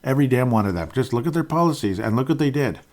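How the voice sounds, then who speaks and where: A man's voice: medium pitch, expressive, very fast, darkish tone. A man in his fifties hosting a political podcast, talking in a rambling, opinionated monologue and chuckling between points. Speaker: podcast host.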